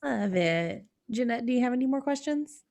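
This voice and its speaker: A woman's voice: a little high, lively intonation, moderate pace, creaky, darkish tone. A woman hosting a fan podcast interview, passing questions to her co-hosts with brief, upbeat prompts. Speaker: host.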